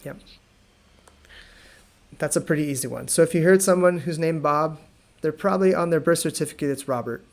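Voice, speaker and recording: An American man teaching an online English lesson, repeating words slowly and joking with viewers. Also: fairly high pitch. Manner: slow careful repetition of words, friendly and joking.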